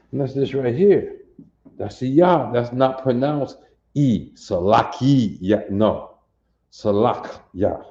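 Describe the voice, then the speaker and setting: Slow, insistent male teacher in echoey room. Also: mid-range voice, darkish tone, lo-fi sound. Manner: repetitive, insistent, drills pronunciation. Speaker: language teacher. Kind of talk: classroom teaching.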